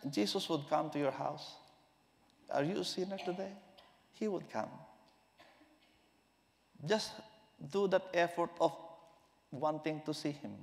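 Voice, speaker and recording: A man's voice: fairly high pitch, long reverb tail. A man preaching a sermon as pastor, emphatic and repeating key phrases.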